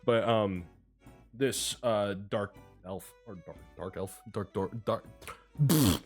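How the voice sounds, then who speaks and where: A man's voice: on the low side, fairly even intonation, takes it slowly. A man narrating as game master, rambling and self-mocking with many fillers. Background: pirate music.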